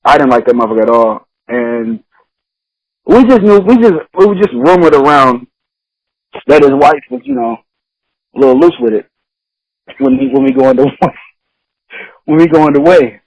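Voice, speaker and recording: A man's voice: on the high side, sing-song, moderate pace, creaky, pauses often, no room sound, lo-fi sound. A man talking on a casual podcast. He laughs often, swears freely and acts out the people in his stories. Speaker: podcast host.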